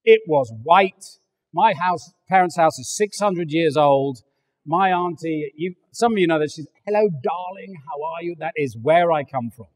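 An older English man preaching a sermon, animated and joking, acting out little voices as he goes. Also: on the high side, a little slow, in a large hall. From England. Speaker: pastor. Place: large church hall.

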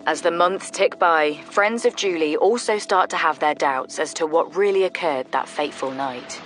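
A woman's voice: sits low, a bit bright, faint music behind. A woman giving grave, scripted narration for a true crime documentary. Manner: grave, measured.

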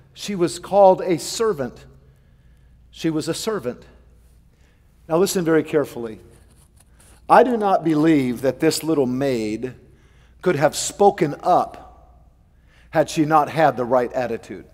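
A male pastor preaching a sermon, fervent and with dramatic swings between soft and loud. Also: on the high side. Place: large church sanctuary. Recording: long church reverb.

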